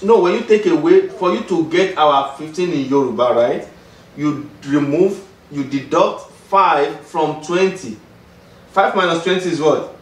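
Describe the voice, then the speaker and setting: A man with a Nigerian accent teaching Yoruba, slowly drilling words and repeating them for a student. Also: on the high side, lively intonation. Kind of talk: patient classroom teaching. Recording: roomy sound, mic far off.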